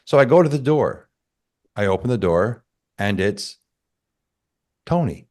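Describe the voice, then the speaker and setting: A man telling a personal story in a casual chat, animated and acting out the quotes. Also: lowish voice, unhurried.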